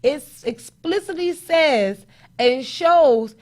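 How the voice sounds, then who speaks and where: Emphatic high-voiced woman preaching finance. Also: animated, takes it slowly. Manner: emphatic, preachy, repeats points, rhetorical questions. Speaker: host, accountant. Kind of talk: live-stream commentary.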